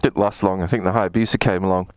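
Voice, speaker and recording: A man's voice: fairly even intonation, fast talker, no room sound. A man riding a motorbike on a city ring road, chatting in a comic, sweary way into a helmet mic with wind and traffic behind. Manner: chatty, sweary, comic, big swings in pitch. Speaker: motovlogger. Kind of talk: casual vlog commentary while riding.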